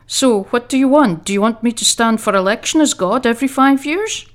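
A woman's voice: on the high side, brisk, lightly acted. A woman voicing God in a radio comedy sketch, fatherly and down-to-earth, with a dry, teasing, patient manner.

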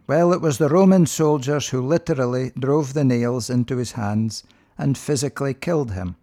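A middle-aged minister hosts a religious radio half hour. He talks to listeners in an earnest, rhetorical manner, measured and steady, with an ordinary mid-range pitch. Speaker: minister and radio programme host. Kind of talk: radio religious programme presenting.

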